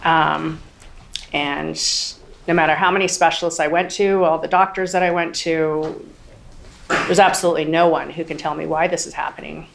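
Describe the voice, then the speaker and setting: A woman in her forties testifies from the witness stand in a courtroom. Her voice sits low with a gravelly fry, and she talks haltingly with many ums, close to tears. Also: fairly even intonation, background noise. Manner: hesitant, many ums, quotes others. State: near tears. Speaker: trial witness.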